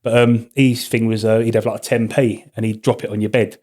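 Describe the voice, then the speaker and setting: A man, a podcast co-host and army veteran swapping relaxed anecdotes. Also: fairly low pitch, fairly quick. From United Kingdom. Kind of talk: casual chat.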